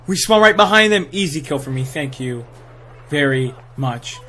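A young man giving excitable, trash-talking live commentary over his own gameplay, full of gamer slang. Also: a little high, a little slow, slight background noise. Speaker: gaming channel host.

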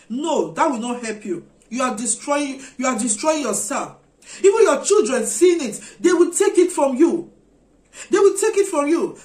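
A woman preaching a sermon, urging her listeners with earnest, repeated exhortations. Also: sits high. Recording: echoey room.

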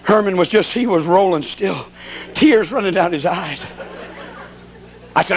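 Excitable folksy preacher, high-pitched and gravelly. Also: male voice, a little slow, some chatter behind, a little hiss or hum, rough recording. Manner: folksy, animated storyteller with sound effects. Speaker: evangelist preacher. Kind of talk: storytelling sermon.

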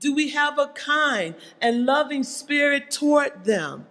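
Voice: high voice, animated, unhurried, fairly bright tone. A preacher delivering a sermon to a congregation, pressing the listeners with pointed rhetorical questions. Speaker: church speaker. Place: church sanctuary. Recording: long hall reverb in a church.

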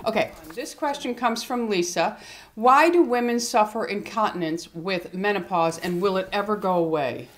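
Brisk woman host reading questions. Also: mid-range voice. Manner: brisk, reads viewer questions. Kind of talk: casual Q&A interview.

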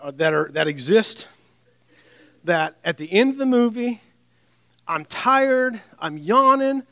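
A man preaching a sermon in a conversational way, with wry asides and restarts, dropping to a soft, low voice on scripture. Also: dry recording.

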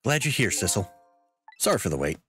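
Un homme qui joue une jeune détective calme et bienveillante, en lisant les dialogues d'un jeu vidéo. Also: male voice, on the low side, brisk, faint music behind. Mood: calm. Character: calm young woman detective, steady and kind. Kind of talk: reading a game's dialogue aloud.

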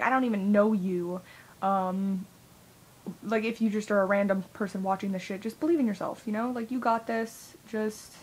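A woman's voice: mid-range voice, a little mellow, husky. A young woman vlogging in a rambling, casual way, swearing a lot and filling her talk with "like". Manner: rambling, heavy swearing, filler-laden.

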